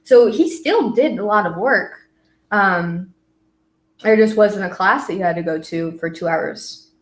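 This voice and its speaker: A hesitant woman talks as a podcast guest, circling her thoughts with pauses and restarts. Her voice carries a noticeable roomy echo, as if recorded in a bare space. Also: mid-range voice. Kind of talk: casual podcast chat.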